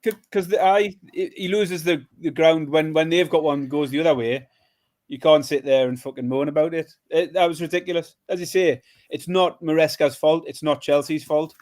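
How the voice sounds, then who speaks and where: Exasperated man, slightly high voice. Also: steady tone, moderate pace, darkish tone. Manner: exasperated, emphatic complaining. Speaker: podcast co-host. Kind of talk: casual chat.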